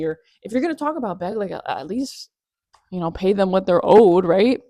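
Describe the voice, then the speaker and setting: A woman's voice: mid-range voice, moderate pace, warm tone, no echo, clean studio sound. A young adult woman hosting a casual commentary vlog, chatty and gossipy with sarcastic asides. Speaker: commentary vlogger.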